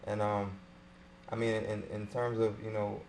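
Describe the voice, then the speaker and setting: Musician guest, man, low and flat delivery, hesitant, faint hiss. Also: low-quality recording. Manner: hesitant, many pauses and ums. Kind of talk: panel discussion.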